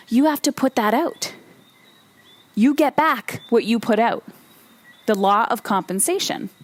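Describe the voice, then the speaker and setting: A woman hosting a solo motivational podcast, talking emphatically and bluntly, with some swearing and repeated phrases for emphasis. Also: a little high. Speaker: podcast host and coach.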